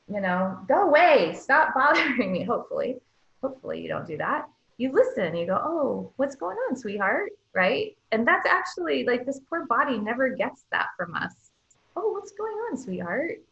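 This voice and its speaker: A woman speaking as a doctor and author in a podcast interview, animated, acting out little quoted voices, often saying "like" and "right?". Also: lowish voice, gravelly, muffled recording.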